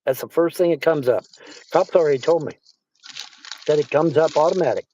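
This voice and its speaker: A man with a high voice talks in a rambling, casual way, circling back over the same phrases and swearing freely. The recording is dry and close. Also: a little fast, mellow, breathy edge, no echo, rough recording. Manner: rambling, repeats himself, swears often. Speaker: livestream host. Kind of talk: casual chat. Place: Arizona.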